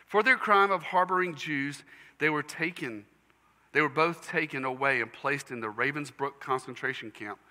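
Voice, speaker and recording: A man's voice: on the high side, bright, forceful tone, big-room sound. A man preaching a sermon, telling a story earnestly and growing emotional at times. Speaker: pastor.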